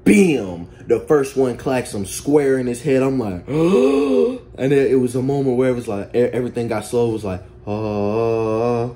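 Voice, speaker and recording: A man narrating a story-time vlog in a casual, animated way, often calling out to his viewers. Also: medium pitch, moderate pace, few pauses. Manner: animated, addresses viewers as guys and y'all. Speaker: storytime vlogger.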